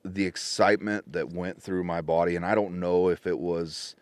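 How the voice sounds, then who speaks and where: A middle-aged man telling a story in casual podcast conversation, lively and acting out his phone calls with friends and family. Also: sits low, moderate pace, smooth, dry recording. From Washington State. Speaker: podcast guest.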